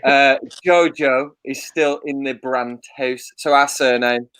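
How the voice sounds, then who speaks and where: A man's voice: medium pitch, steady tone, slow, fairly bright tone, clear, resonant tone, no echo, poor audio. A man chatting on a group video call, restarting his sentences and laughing often. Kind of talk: casual chat.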